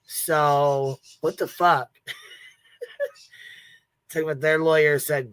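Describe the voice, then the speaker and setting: A woman hosting a casual livestream speaks with a low-pitched, clear, resonant voice and drawn-out words, close to the mic in a dry, dead space with no room sound. She tells stories bluntly and with swearing, laughing frequently and acting out people's lines in lively quoted asides.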